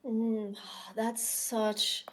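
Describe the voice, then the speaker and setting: A woman with a French accent speaks in a fairly high voice as an interview guest. She talks animatedly and often restarts or repeats words while she searches for her English phrasing. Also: level tone, very slow. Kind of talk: casual interview conversation.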